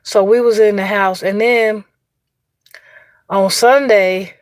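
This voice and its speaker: Slow and fairly even in intonation, a woman with a mid-range voice hosts an outdoor livestream in a dry recording. She has an Indiana, US Midwest accent and tells a story casually, chatting, laughing and greeting viewers by name.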